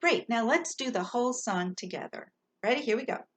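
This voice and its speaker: A woman's voice: a little high, animated, over loud music. A woman leading a Sunday school class, patiently teaching a children's song line by line with a ukulele on a dull, lo-fi recording. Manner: slow, patient, sings lines then talks through them. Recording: dull lo-fi sound with loud ukulele.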